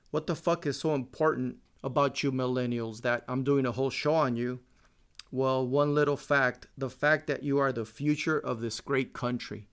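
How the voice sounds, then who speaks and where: A man's voice: mid-range voice, smooth. Man in his forties, podcast host, casual monologue, swears a lot, jokey, mixes in Spanish words. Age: 40s. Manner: profane, joking, drops Spanish words.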